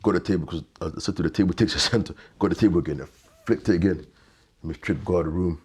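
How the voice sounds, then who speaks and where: A man, telling a painful personal story as an interview guest, halting and repeating words, often quiet and subdued. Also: deep voice, husky.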